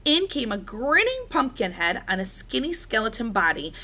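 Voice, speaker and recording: A woman reading a children's storybook aloud, animated and expressive. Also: a little high, moderate pace. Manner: animated, doing character voices. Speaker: reader.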